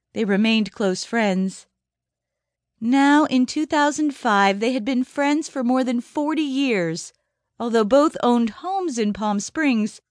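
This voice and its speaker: A woman reads an audiobook in a measured, even manner. Her voice is somewhat high and unhurried, recorded dry and close with no room sound. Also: no echo. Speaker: audiobook narrator. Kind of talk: scripted narration.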